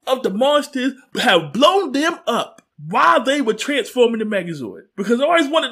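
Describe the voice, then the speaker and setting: An easygoing man co-hosting a casual chat, recapping scenes and acting out quotes. His voice is on the high side and moves around with lively ups and downs. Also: moderate pace, hardly any pauses. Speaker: co-host reviewing a show.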